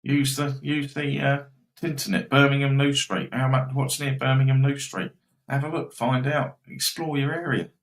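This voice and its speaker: A man's voice: medium pitch, flat delivery, normal speed, vocal fry, poor audio. A man hosting a live betting stream, rambling casually and reacting to football scores and viewers.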